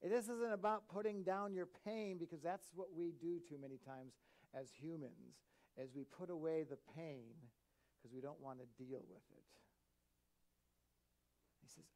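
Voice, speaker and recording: A man preaching a sermon as pastor in a church, animated, swinging between loud emphatic bursts and quiet asides. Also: high-pitched, a little slow.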